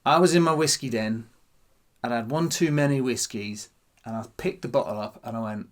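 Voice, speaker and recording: A man's voice: mid-range voice, moderate pace. Casual man musing over whisky. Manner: musing, chatty, savoring. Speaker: whisky vlogger. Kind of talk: casual tasting chat to camera.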